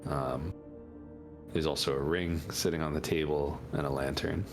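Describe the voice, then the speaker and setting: Super deep slow guy running a tabletop game, lots of ums, music in the back. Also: fairly even intonation. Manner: halting, with many fillers and restarts. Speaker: game master.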